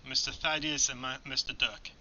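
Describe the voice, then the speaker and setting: Bright-voiced game master, sweary. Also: male voice, mid-range voice, steady tone, moderate pace, slight background noise. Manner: loose, sweary, often laughing. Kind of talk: running a tabletop horror game. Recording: dull lo-fi recording.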